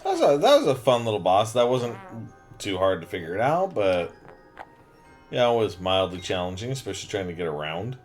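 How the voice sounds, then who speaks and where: Joking male game streamer, lively pitch. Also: brisk, faint music behind. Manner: joking, makes dad jokes. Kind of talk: live game commentary.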